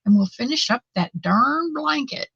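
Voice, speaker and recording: A woman's voice: high-pitched, lively intonation, normal speed, gravelly, husky, no echo, lo-fi sound. A middle-aged woman hosting a live knitting stream, chatting casually and earnestly with viewers in a motherly way. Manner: warm, motherly, talks straight to viewers; earnest and faith-filled.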